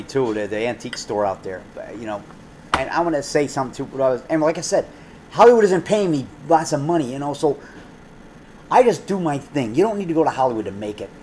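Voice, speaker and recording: A man who makes low-budget monster movies, chatting in a restaurant. He rambles and repeats himself, jumps between topics and gets excited about old horror films. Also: slight background noise. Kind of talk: rambling casual chat.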